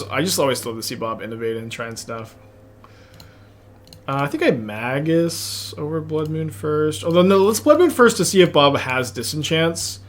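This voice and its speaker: A slightly high-voiced man with a Texas accent streams an online card game. Into his desk mic he offers rambling, excitable, casual commentary, thinking aloud as he goes.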